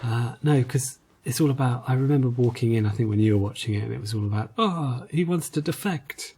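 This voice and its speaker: A man's voice: medium pitch, flat delivery, quick pace, dark tone, husky. A man co-hosting a podcast, chatting casually about retro games in a rambling, hesitant way with lots of fillers. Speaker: podcast co-host.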